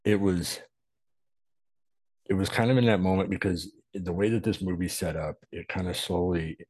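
A low-pitched man with a husky edge co-hosts a relaxed film podcast. He is easygoing and chimes in with his own observations. The recording is dry and close. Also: normal speed, no echo, poor audio. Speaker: podcast co-host. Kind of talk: casual movie discussion podcast.

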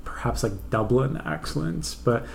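A man's voice: mid-range voice, a little slow, gravelly, a crowd in the background. Chatty young man. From Canada. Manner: chatty storyteller, many fillers. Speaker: podcast co-host. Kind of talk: casual chat.

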